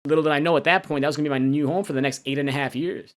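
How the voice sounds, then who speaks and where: A young man telling his own story in a loose, halting way, full of restarts and casual slang. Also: a little high, fairly even intonation. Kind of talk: personal storytelling.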